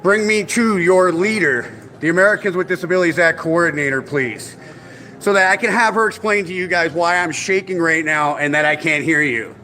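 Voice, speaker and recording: An activist films himself confronting officials, formally polite but insistent, sarcastic and needling, repeatedly saying "sir" and "ma'am." His voice is fairly high, bright and forceful, a little fast, with a slight hiss or hum on the recording.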